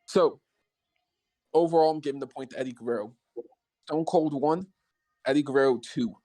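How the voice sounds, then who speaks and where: A man hosting a casual podcast debate, weighing both sides in a measured way and keeping score. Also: on the high side, distant mic. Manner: measured, even-handed, moderating.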